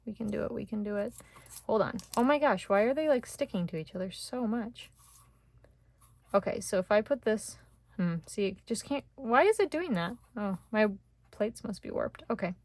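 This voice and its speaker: A woman teaching card making in a casual, chatty way, thinking aloud as she works and getting excited over small wins. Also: medium pitch, moderate pace, dry recording. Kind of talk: casual craft tutorial chat.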